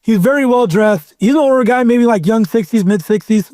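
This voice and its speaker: A man's voice: very high voice, brisk, no echo, clean studio sound. A man telling a long story in casual chat, rambling and acting out quotes. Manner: rambling, animated storyteller who acts out quotes. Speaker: podcast guest.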